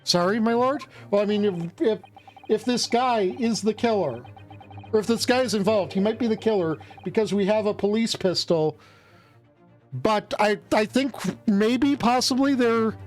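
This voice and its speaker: A man's voice: high voice, a little slow, darkish tone, soft background music. A man streaming a game, casually thinking aloud with hesitant restarts as he works through the puzzle. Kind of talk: casual let's-play commentary.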